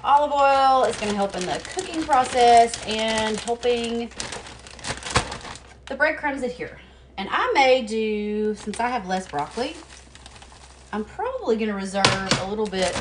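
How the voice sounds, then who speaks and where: Amid heavy background noise, a woman with an animated voice on the high side cooks in her home kitchen, chatting to the camera at a measured pace with long pauses. She mutters to herself while working and laughs off her own mistakes in this casual cooking demo.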